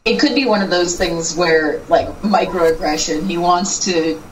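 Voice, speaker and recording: A woman's voice: fairly low pitch, measured pace, far from the mic, slight background noise, rough recording. A woman playing a tabletop role-playing game, chatting casually and explaining what her character does. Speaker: player. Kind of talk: casual role-play chat.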